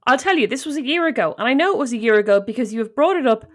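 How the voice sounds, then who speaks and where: An Irish woman co-hosting a chat podcast, with a dry, mock-formal wit. Her voice is a little high and swings widely in pitch as she tells her stories. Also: expressive, rapid-fire. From Ireland. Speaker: podcast co-host. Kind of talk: casual chat.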